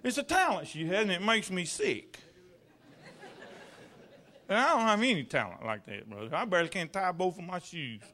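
A preacher man with a high, bright voice that swings widely as he tells his folksy church stories. He stumbles over repeated words, then builds up to fervent peaks. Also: very animated, moderate pace. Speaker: pastor. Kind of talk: sermon with personal anecdotes.

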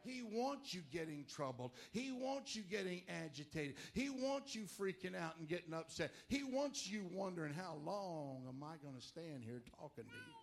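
A man preaching a sermon to a congregation, animated, moving from quiet asides to loud emphatic lines. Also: sits high, normal speed, gravelly, few pauses.

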